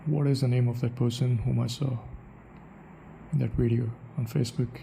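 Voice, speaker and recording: A man summing up his thoughts in a casual spoken way, musing aloud with halting pauses and questions to himself. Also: mid-range voice, little pitch movement, vocal fry, warm tone, slight background noise, poor audio. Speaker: channel host.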